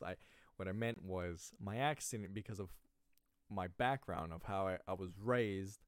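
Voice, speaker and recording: A man's voice: deep voice, smooth, no room sound, studio quality. A man from California hosting a small solo podcast, rambling and correcting himself, with slightly slurred, lazy speech. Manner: rambling, self-correcting, slurs words. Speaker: podcast host. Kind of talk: casual solo podcast monologue.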